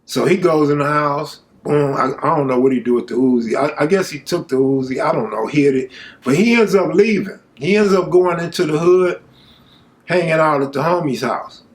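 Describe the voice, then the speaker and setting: A man telling a true story from his own life in a casual, animated way, full of street slang and asides to the viewer. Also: a little high, moderate pace.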